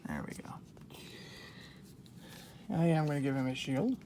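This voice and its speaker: Gravelly-voiced man unboxing toys. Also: a little high, a little slow, a little hiss or hum. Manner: chatty and excitable, talking to himself while opening boxes. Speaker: toy collector host. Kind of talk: casual unboxing commentary.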